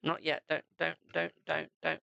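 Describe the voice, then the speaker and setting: A man's voice: fairly high pitch, monotone, normal speed, gravelly, pushed and bright, clean tone, dry recording, dull audio. A man streaming live, reading tarot cards and chatting with viewers, calling them "my darling". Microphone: desk microphone.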